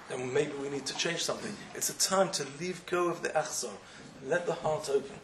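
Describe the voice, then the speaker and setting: A man's voice: a little high, fairly quick, fairly bright tone, reverberant, slight background noise, rough recording. A man giving a sermon as a rabbi, with an impassioned manner that builds into emphatic questioning.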